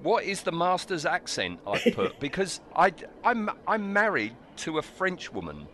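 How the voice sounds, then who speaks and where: Man, podcast co-host, bright tone, animated, hesitant. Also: high voice, a little slow, slight background noise. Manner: hesitant, animated, with many ums. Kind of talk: casual chat.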